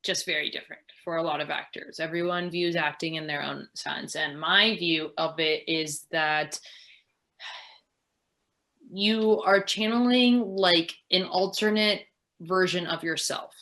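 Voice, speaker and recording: A woman's voice: on the low side, measured pace, a bit bright. A woman, an actress, answering interview questions in a casual, rambling way, full of fillers as she thinks aloud. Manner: rambling, filler-heavy, reflective.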